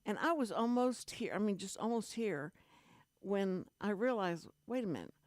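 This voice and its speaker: A woman's voice: medium pitch, measured pace, no echo. Older lady hosting a radio show, rambly, pokes fun at herself, dry close mic. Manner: rambling, animated self-deprecating storyteller. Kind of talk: casual radio chat.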